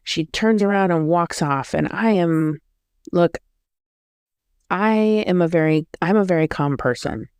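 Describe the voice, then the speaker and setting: A woman's voice: fairly low pitch, measured pace, darkish tone, clean tone, dry recording. A woman vlogger telling a story in a casual, rambling way, often correcting herself. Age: adult.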